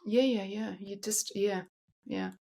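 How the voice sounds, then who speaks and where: A woman's voice: medium pitch, wildly swooping pitch, slow pace, dark tone. Reflective woman in her forties. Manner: reflective, searching for words with frequent restarts. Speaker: guest. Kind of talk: candid podcast conversation.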